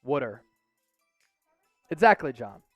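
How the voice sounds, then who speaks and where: A man with a Philadelphia accent hosting a casual live sports stream, excitable and hyping viewer donations with loud outbursts. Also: medium pitch, takes it slowly, soft background music. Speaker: sports show host.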